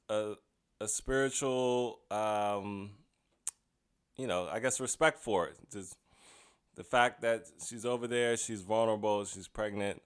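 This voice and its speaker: A man's voice: medium pitch, fairly bright tone, clear, resonant tone. A comedian and podcast host giving a casual comedic monologue. He is chatty and often laughs at his own jokes.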